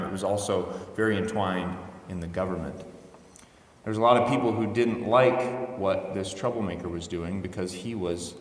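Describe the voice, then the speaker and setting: Man preaching in an echoey church. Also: lowish voice. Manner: conversational, self-correcting, wry asides. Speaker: priest. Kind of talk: weekday homily. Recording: echoey church hall, voice from a distance.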